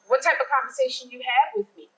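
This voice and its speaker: A woman's voice: high-pitched, fairly even intonation, fast, a bit bright, rough recording. A woman hosting a casual interview, empathetic, laughing often as she asks questions. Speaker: talk show host.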